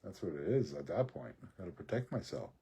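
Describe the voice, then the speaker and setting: A man's voice: low-pitched, animated, fast, vocal fry, mellow, husky. A man telling a rambling, profane story in a rant, often laughing mid-sentence. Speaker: social media video creator.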